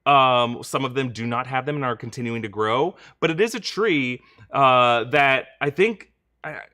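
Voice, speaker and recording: Young male host, casual livestream Q&A, chatty and bright. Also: mid-range voice, measured pace. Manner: chatty, reads viewer questions, thanks donors. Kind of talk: live-stream reaction Q&A.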